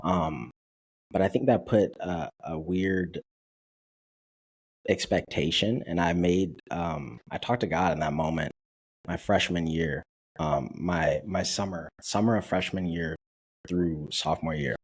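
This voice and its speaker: A man in his twenties from Dallas, Texas, a podcast guest telling his story in a casual, animated way, acting out quoted dialogue and laughing often. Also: low-pitched, unhurried, gravelly, slightly rough.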